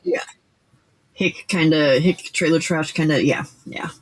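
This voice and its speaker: Older woman, casual livestream host, halting and rambling, slow pace. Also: sits low, slight background noise. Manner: rambling, hesitant, many fillers and restarts. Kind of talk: casual late-night chat.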